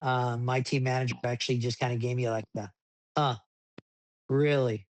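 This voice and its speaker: A man telling racing stories in a casual interview, rambling with many restarts and getting animated as he recounts events. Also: mid-range voice, fast talker, dry recording. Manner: rambling with frequent restarts, animated when retelling. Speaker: desert racing driver, podcast guest.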